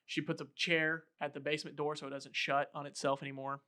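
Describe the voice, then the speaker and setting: A man's voice: a little high, quick pace, clear, resonant tone. A man hosting a casual podcast, animatedly retelling a film scene by scene. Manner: animated storytelling, acting out quotes. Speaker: podcast host. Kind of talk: casual chat.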